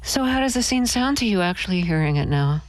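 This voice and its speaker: Measured woman radio interviewer. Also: fairly low pitch, animated, no echo. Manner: measured, thoughtful questioning.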